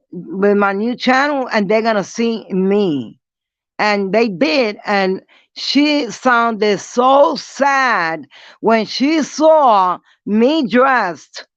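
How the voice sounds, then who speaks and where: A woman ranting bluntly to her viewers in a casual vlog, defiant and dropping quick apologies. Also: medium pitch, no echo. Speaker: vlogger. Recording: dull lo-fi dry sound.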